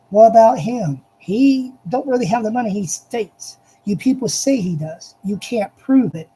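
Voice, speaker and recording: This political commentator delivers an impassioned, repetitive monologue, speaking directly to listeners and driving home each point with emphasis. His mid-range voice is dark with a breathy edge, captured on a low-quality recording.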